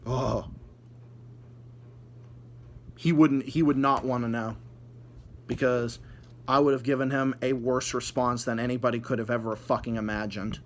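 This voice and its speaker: A man's voice: medium pitch, steady tone, a little slow, long pauses, slight background noise. A man ranting angrily at his viewers, swearing nonstop, repeating and stumbling over words, with a mocking, sarcastic edge. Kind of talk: angry profane rant.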